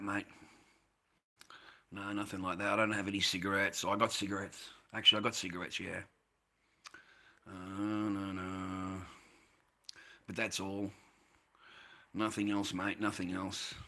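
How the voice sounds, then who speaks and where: A man's voice: on the low side, sharp tone. An Australian man livestreaming a rambling casual monologue, crude and profane, repeating himself and calling his viewers mate and boys.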